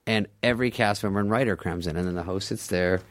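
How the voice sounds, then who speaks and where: A man's voice: lowish voice, fast. A man tells show-business stories on the radio, laughing often and jumping into other people's voices. He talks casually and swears freely. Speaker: guest comedian. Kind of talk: storytelling in a radio interview.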